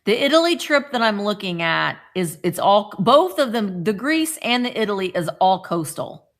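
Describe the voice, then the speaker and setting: A woman's voice: mid-range voice, sing-song, moderate pace. A woman hosting a live vintage sale, chatting casually with playful, rambling asides. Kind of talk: casual live-stream selling chat.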